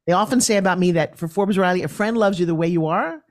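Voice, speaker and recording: A woman from New York, a podcast guest, telling her story in an animated and forthright way. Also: fairly low pitch, quick pace.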